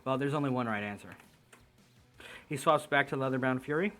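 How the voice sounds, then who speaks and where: A man acting as game master on a voice call, checking the rules in a steady middle pitch and then narrating the fights in loose, giggly bursts, his sentences packed with likes and restarts. Soft music plays faintly beneath him. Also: a little fast. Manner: rambling, laughing narration full of fillers. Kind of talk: running a tabletop game over voice chat. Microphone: computer headset or desk mic on a voice call.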